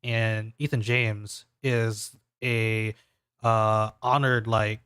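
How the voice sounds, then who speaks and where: A man's voice: on the low side, level tone, very slow, a bit bright, smooth, no echo. A man narrating a tabletop game as game master, in a loose, casual way with many fillers.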